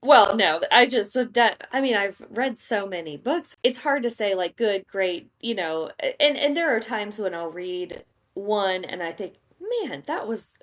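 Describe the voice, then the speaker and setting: A woman's voice: medium pitch, lively intonation, unhurried. Wry, easygoing woman book editor. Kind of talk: casual chat.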